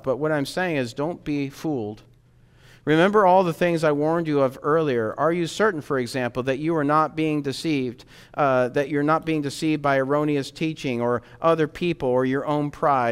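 A man preaching a sermon in an earnest, urging way, rising in emphasis and dropping low again. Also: a bit bright, clear, resonant tone.

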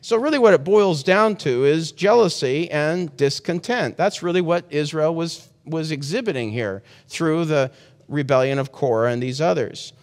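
A man's voice: on the high side, moderate pace. Earnest preacher man in a reverberant hall. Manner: conversational, earnest, frequent restarts. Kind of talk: sermon.

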